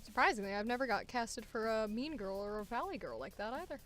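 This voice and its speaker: A woman's voice: fairly high pitch, expressive, quick pace, a bit bright, faint music behind. Chatty young woman talking to her computer. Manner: chatty, mutters to her computer, occasional swearing. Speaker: voice actor. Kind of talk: casual self-talk while working.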